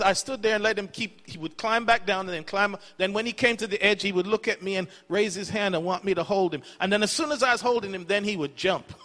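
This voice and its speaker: A man's voice: high voice, bright, forceful tone, in a large hall. A middle-aged man preaching a sermon as pastor, telling folksy stories with casual asides. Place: church sanctuary.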